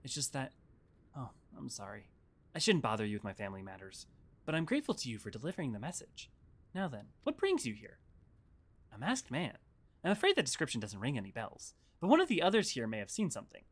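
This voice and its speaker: A man's voice: medium pitch, huge pitch swings, fast. A man voicing a polite, apologetic townsperson in a game, reading in his own everyday voice.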